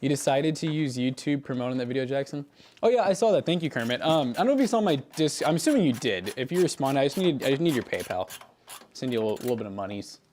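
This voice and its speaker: A young man hosts a livestream while building a computer, chatting casually with viewers and a co-host. He's relaxed and rambling, answering chat as he works, speaking at a quick pace in a medium-pitched voice. A little hiss or hum is audible.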